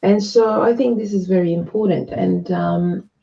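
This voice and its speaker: A woman speaking earnestly and at a measured pace in an online discussion, often restarting her sentences. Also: mid-range voice, steady tone, creaky, warm tone, highs cut off. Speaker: guest speaker.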